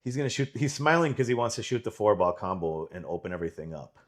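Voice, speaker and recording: A man's voice: fairly low pitch, lively intonation, fast. A man coaching and commentating a pool match live from his club, enthusiastic and rambling with many restarts.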